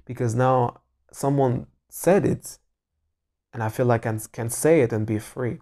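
A man's voice: medium pitch, a little slow, dark tone. A man hosting a solo podcast, giving earnest, rambling social media advice with many restarts.

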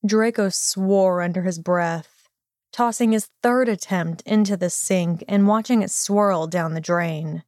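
A woman's voice: mid-range voice, a little slow, a little mellow, dry recording. Woman narrating fan fiction, dry sound. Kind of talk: audiobook reading of fan fiction.

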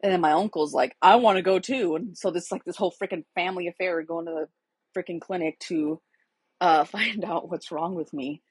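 Husky low-voiced woman telling her story. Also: fairly even intonation, brisk, no room sound, low-quality recording. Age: 30s. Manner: candid, emotional, chatty with fillers. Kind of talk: casual personal storytelling.

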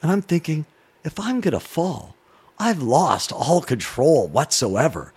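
Man, middle-aged, from Canada, former broadcaster, casual storytelling, animated, swears a lot. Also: a little high, a little slow, slightly rough. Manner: animated, swearing, acts out voices in his stories. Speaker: podcast guest, former sports broadcaster.

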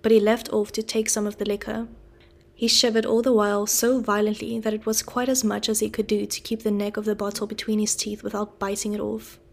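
Woman reading a classic novel, gravelly. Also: mid-range voice, monotone, a little fast. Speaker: audiobook reader.

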